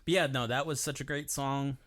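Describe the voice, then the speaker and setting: On a desk microphone, a music podcast co-host talks briskly in a steady, fairly bright medium-pitched voice. The chat is casual and laid-back, loose and heavy with fillers and free swearing.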